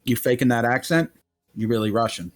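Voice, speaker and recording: A man in a tabletop role-play, rambling crudely with frequent laughs. His voice sits at an ordinary middle pitch for a man. He slips in and out of character without changing his voice much. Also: a little fast, no room sound, clean studio sound, faint music behind. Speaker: player.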